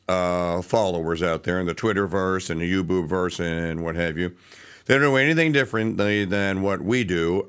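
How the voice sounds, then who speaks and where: A man hosting a talk radio show, talking in an animated, mocking way and breaking into voices. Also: lowish voice, clean tone. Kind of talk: opinionated talk radio monologue.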